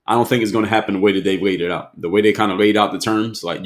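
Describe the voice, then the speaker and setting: Man, low voice, live stream host, emphatic, repeats himself, quizzes his chat. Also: steady tone, rapid-fire.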